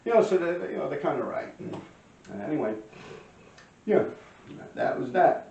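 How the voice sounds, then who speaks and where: A man, telling profane street stories to camera and clearing his throat often. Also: on the high side, very animated, measured pace, pauses often, dark tone. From New York. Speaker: vlogger telling life stories. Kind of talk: casual storytelling to camera. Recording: roomy, distant, dull-sounding.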